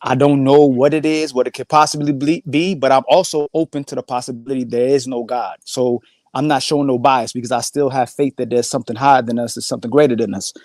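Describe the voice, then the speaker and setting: A man's voice: mid-range voice, steady tone, fast, darkish tone, dry recording. A man speaking as a guest in a casual panel debate, slangy and argumentative, building his point step by step.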